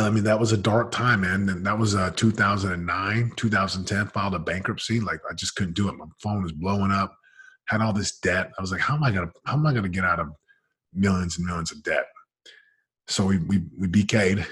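A man's voice: deep voice, fairly bright tone, slightly rough. A man in his forties, a podcast guest telling his story candidly in an emphatic, casual, slangy way.

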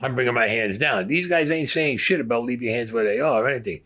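A man's voice: mid-range voice, quick pace, bright, forceful tone. An older man, telling a story in a blunt, profane, streetwise way. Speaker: interviewee.

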